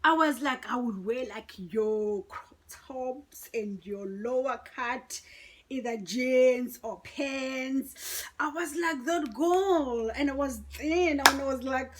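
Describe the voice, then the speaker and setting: A woman's voice: sits high, slow pace, a little hiss or hum. A middle-aged woman, telling a dramatic personal story to her viewers in a chatty way. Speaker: vlogger. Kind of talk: storytime vlog.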